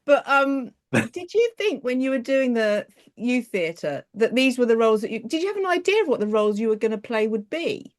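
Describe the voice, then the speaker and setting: Woman, fairly high voice, podcast co-host, teasing, laughs often. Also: sing-song, a little fast, hardly any pauses. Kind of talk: casual chat.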